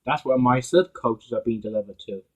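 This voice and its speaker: A smug, stubborn little engine speaks in a slightly husky voice, as a man puts him on. He sounds self-satisfied and unbending in a homemade storybook tale. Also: mid-range voice, brisk, muffled recording, natural voice. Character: proud male tank engine, stubborn and smug.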